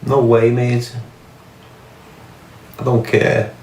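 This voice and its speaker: A man's voice: mid-range voice, completely flat delivery, very slow, a little mellow, reverberant. A man with a Scouse accent hosting a podcast, talking in a profane, mocking rant full of scorn. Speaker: podcast host. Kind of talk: casual ranting commentary.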